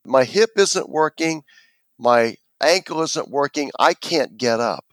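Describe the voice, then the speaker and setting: Taking it slowly in a mid-range voice, this interview guest narrates a long story from his own life. He brings it to life by acting out other people's voices, and the audio carries no echo.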